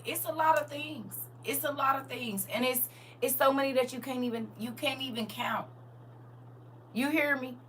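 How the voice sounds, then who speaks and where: A woman with a high, sharply bright voice chats through a casual livestream, reading viewer comments aloud. She is animated and colloquial, laughs often, and speaks straight to her viewers with church-style encouragement. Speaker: livestream host.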